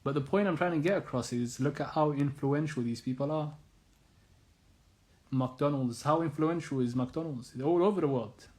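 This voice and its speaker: A man's voice: on the high side, moderate pace, a little mellow. Insistent man firing off rhetorical questions. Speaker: Islamic commentator. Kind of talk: earnest monologue.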